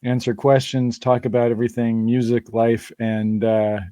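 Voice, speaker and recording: A man's voice: medium pitch, completely flat delivery, normal speed, mellow, no echo. A man co-hosting a band's weekly webcast, joking and rambling in casual chat. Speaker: band member co-hosting a webcast. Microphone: home webcast mic.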